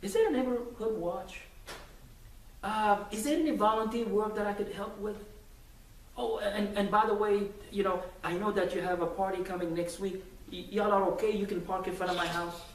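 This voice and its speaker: A man's voice: sits high, steady tone, normal speed, a little hiss or hum. A man giving a Friday sermon, telling stories animatedly with acted quotes. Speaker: preacher. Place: mosque. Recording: echoey mosque hall from far off.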